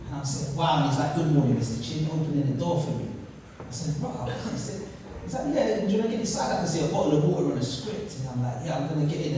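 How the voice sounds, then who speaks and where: A man telling a story live on stage, animated and acting out the voices of the people in it. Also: high-pitched, a little hiss or hum. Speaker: speaker. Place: large hall at an event. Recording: echoey hall from far off.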